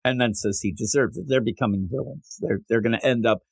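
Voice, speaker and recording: A man's voice: medium pitch, fast, creaky, no echo. A man co-hosting a comic book podcast in casual chat, laughing often and acting out characters' lines. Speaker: podcast co-host.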